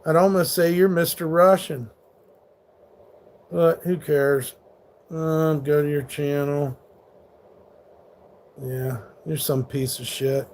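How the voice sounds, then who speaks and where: A man's voice: on the high side, steady tone, measured pace. A man in his thirties hosting a live stream, reading chat aloud and arguing with hecklers, blunt and full of swearing. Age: 30s. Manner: combative, profane, rants back at hecklers. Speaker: livestreamer.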